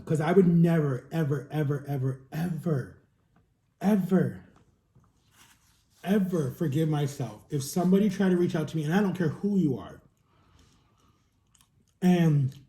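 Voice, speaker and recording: A man's voice: on the high side, warm tone. A man in his thirties talking earnestly and at length in a rambling, repetitive way, as on a mukbang vlog. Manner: earnest, rambling, repeats himself. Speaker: vlogger. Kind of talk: emotional mukbang talk. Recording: echoey room.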